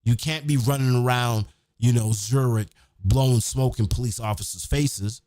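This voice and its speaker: A man hosting a podcast, telling stories in a casual, profane, animated way. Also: mid-range voice, normal speed, dry recording, clean studio sound. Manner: profane, animated, acts out quotes. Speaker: podcast host. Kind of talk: casual storytelling.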